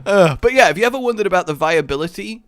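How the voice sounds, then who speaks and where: A man hosting a casual gaming session with friends, excitable and joking, often laughing. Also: sits high, fast talker, crowd noise. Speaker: gaming channel host.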